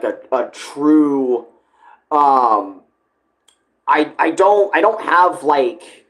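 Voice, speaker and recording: A man chatting loosely about his own song cover, swearing and restarting sentences often. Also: medium pitch. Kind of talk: casual rambling commentary.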